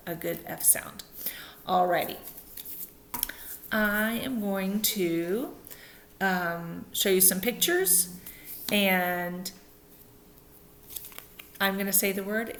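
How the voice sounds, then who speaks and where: A woman teaching a speech therapy lesson at a measured, unhurried pace, her voice carrying a gravelly edge. She is upbeat and models each sound clearly. The room around her is echoey, with a faint hiss underneath. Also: medium pitch, a bit bright.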